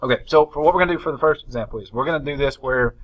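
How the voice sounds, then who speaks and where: A man's voice: mid-range voice, very fast, highs cut off. Casual male math teacher in a classroom. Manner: casual and conversational, says "y'all". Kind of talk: classroom lecture.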